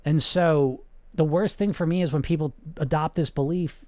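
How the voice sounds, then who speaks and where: A man's voice: on the high side, steady tone, moderate pace, dark tone, no room sound. A man, a hypnotist hosting a podcast, talking in an emphatic, blunt way with lots of rhetorical questions and the odd swear word. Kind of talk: motivational podcast monologue.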